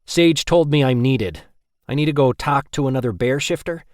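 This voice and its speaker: A man's voice: medium pitch, moderate pace, no echo, studio quality, voice pushed up, natural voice. A man voicing a hostile, hot-tempered male bear shifter who speaks curtly and defiantly. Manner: loud, curt, defiant.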